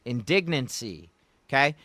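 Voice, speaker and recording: A man's voice: medium pitch, lively intonation, a little slow, sharp tone, no echo. A man hosting a casual livestream, rambling and folksy as he talks to viewers in the chat. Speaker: livestream host. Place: Louisiana.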